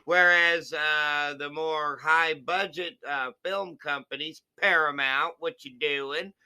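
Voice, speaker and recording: An easygoing man chats casually to viewers during an unboxing, rambling along with plenty of fillers. His voice is very bright and smooth. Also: on the high side, fairly even intonation, slow pace. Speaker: co-host of unboxing channel.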